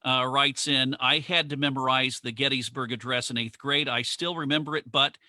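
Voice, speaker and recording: Guy hosting a museum livestream, super bright voice, chatty, reads viewer questions. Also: medium pitch, fairly even intonation, moderate pace, dry recording. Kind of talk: hosting a live online Q and A.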